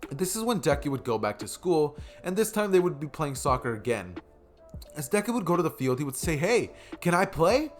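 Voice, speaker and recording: Animated young man rambling through a story. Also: a little high, brisk, faint music behind. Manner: rambling, casual, full of fillers. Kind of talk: improvised fan story narration.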